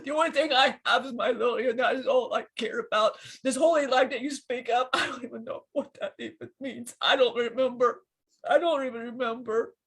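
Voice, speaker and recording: A woman channeling a fallen male archangel, speaking tearfully and haltingly through crying in a spiritual session. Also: a little high, fairly even intonation, husky. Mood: anguished. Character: grieving fallen male archangel, hurt and furious.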